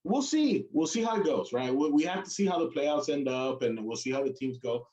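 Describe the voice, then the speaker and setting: A man's voice: fairly high pitch, animated, brisk, a little mellow, poor audio. A man co-hosting a casual sports chat, rambling and hesitant, often fumbling for names. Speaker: co-host. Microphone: streamed call mic.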